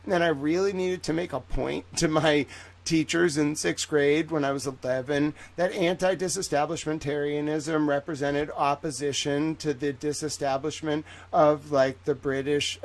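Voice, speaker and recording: A man with a gravelly, creaky voice sitting slightly high for his sex hosts a stream. He talks in a loose, rambling style, swearing freely and dropping "like" all through his sentences. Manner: rambling, profane, heavy use of "like". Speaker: livestream host. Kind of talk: casual livestream chat.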